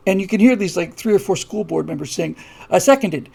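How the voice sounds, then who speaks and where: A man with a fairly high voice and a gravelly edge hosts a live show. He tells his story with many fillers and restarts. His voice moves from low, quiet asides to heated, repeated emphasis. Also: fast. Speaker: show host.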